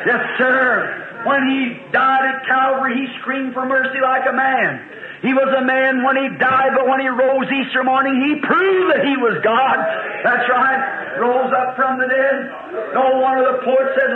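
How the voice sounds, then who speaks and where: A man preaches a fervent revival sermon in a very high, strained voice. He repeats refrains and stretches key words. The old archive tape sounds thin and phone-like, with a lot of echo from the church. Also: steady tone, unhurried.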